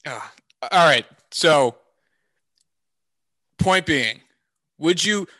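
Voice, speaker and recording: A man's voice: fairly high pitch, lively intonation, extremely slow, sharp tone, dry recording. A man co-hosting a casual sports podcast with dry, sarcastic humor. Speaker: podcast co-host.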